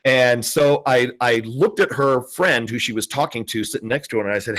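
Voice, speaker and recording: A man's voice: medium pitch, a little fast, few pauses, a bit bright. A man in his forties teaching a psychology class, talking casually with many fillers and restarts and playing out the voices of people in his story. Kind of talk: classroom lecture with anecdotes.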